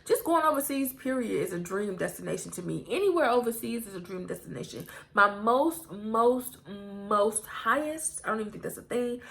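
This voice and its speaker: Gravelly-voiced woman vlogger. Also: on the high side, animated, normal speed, hardly any pauses, a bit bright. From United States. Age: young adult. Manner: candid and blunt, swears freely. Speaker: YouTuber. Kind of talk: casual get-to-know-me Q&A.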